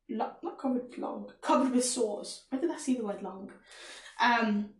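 A woman's voice: a little high, moderate pace. A woman with a Caribbean accent preaching emphatically and reading scripture on a podcast. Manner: emphatic, bold, repeats points. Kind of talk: informal sermon and scripture reading. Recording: roomy echo.

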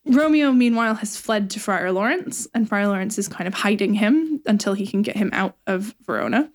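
A woman's voice: medium pitch, lively intonation, a little fast. A woman casually retelling a play's plot in a chat, with laughs and irreverent asides. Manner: chatty, laughing, paraphrases lines irreverently. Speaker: podcast co-host retelling a play.

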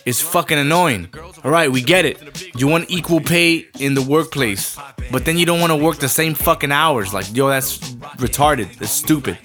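A heated man on a profane, rambling rant, losing his thread and restarting. His voice sits a bit high for a man, and faint music plays underneath. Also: moderate pace, fairly bright tone. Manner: heated, rambling, swears constantly, trails off and restarts.

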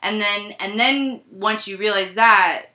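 Bright-sounding woman cohost rambling through a movie chat, giggles a lot. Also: medium pitch, measured pace. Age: adult. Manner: rambling, trails off, lots of fillers and laughs. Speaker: podcast co-host. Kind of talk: casual chat about movies.

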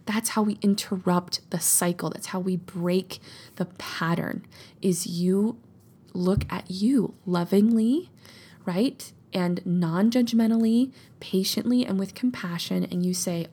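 Gravelly, warm-toned woman coach. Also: mid-range voice, measured pace. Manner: gentle, reassuring, says "right?" often. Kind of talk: casual teaching talk.

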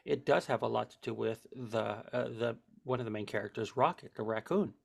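A man in his thirties co-hosting a podcast, joking and talking in halting starts with many fillers. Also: mid-range voice, creaky, no room sound, clean studio sound. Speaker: podcast co-host. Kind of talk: casual chat.

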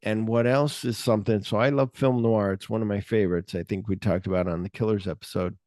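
A man's voice: lowish voice, fairly even intonation, a little fast, a little mellow, dry recording, clean studio sound. A man co-hosting a casual film podcast, rambling and searching for names with lots of fillers. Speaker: podcast co-host.

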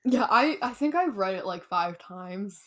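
A woman's voice: mid-range voice, expressive, measured pace, a bit bright. A young woman co-hosting a casual podcast, retelling a book's scenes with a giggle and acting out the characters' lines. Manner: giggly, says "like" a lot. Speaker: podcast co-host. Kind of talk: casual book chat.

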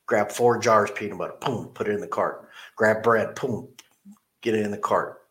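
A middle-aged car dealership manager tells a personal story in a casual interview. His voice is lowish and a bit bright at a moderate pace, and he speaks earnestly and plainly, repeating his key phrases.

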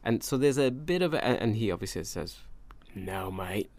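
A man's voice: medium pitch, big pitch swings, a little fast, a little mellow. A man, chatting casually as co-host of a film review show, rambling and correcting himself as he goes.

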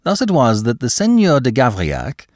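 A man reading a classic novel aloud as podcast narrator, with expressive, theatrical phrasing. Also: medium pitch, normal speed, dry recording, studio quality. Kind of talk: scripted audiobook narration.

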